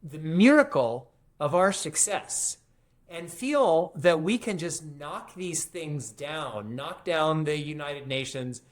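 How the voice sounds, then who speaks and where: A man's voice: a little high, animated, slow. A man, a historian and futurist, talking emphatically in a podcast interview and repeating phrases to drive his points home.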